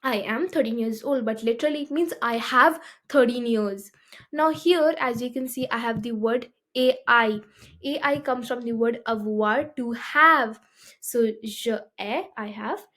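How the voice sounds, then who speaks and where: A woman's voice: a little high, measured pace, a bit bright. A woman teaching a beginner French lesson, explaining step by step and often checking with "okay?".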